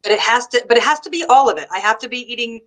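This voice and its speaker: Southern American woman guest, middle-aged, lively anecdotal chat, slightly high voice. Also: racing, poor audio. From United States. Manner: animated storyteller, laughs often. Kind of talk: casual conversation on a live stream.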